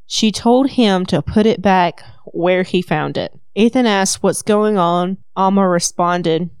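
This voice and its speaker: A woman with a Southern accent hosts a casual podcast, retelling a story with easy laughs. Her voice is smooth and clear at a middle pitch, recorded close and dry. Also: takes it slowly, darkish tone, no room sound. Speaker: podcast host. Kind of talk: casual book recap chat.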